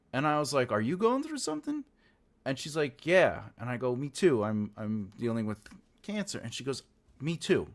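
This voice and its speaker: A man's voice: a little high, fairly bright tone. A man hosting a writing livestream, chatting casually and rambling as he reads out and answers chat messages, often laughing.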